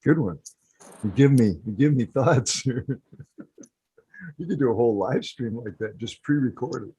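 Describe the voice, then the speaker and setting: A man's voice: mid-range voice, expressive, normal speed, warm tone, slightly rough, no room sound. A man chatting casually on a podcast, playful, laughing often and acting out silly phone voices. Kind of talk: casual chat. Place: home setup on a video call.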